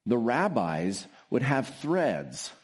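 A man preaching a sermon as pastor, telling stories with soft laughs and drawn-out emphasis. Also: medium pitch, sing-song, slightly rough.

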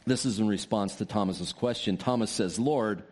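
A man preaching a sermon as pastor, stressing key words emphatically and slowing down on them. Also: darkish tone. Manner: emphatic preaching with sweeping pitch swings and drawn-out stresses.

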